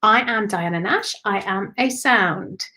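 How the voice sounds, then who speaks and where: A woman hosting a live-streamed spiritual reading on her phone, affectionate and animated, calling listeners darling. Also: medium pitch, measured pace. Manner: animated, swooping intonation. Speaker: spiritual medium giving readings.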